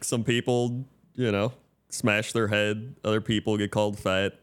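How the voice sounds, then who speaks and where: A man's voice: lowish voice, level tone, a little slow, clean tone. A man co-hosting a casual podcast, laid-back, mostly giving short reactions. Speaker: podcast co-host.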